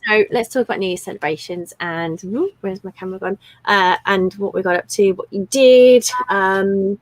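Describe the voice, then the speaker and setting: A woman's voice: medium pitch, normal speed, no room sound, poor audio. A woman in her thirties co-hosting a casual live stream from home, chatting in a rambling way with lots of ums. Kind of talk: casual chat.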